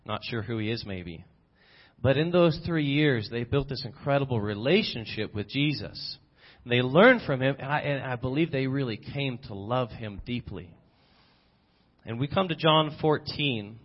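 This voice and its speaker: A man preaching an earnest, personal sermon as a visiting missionary, often restarting his sentences. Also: mid-range voice. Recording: dull lo-fi sermon recording.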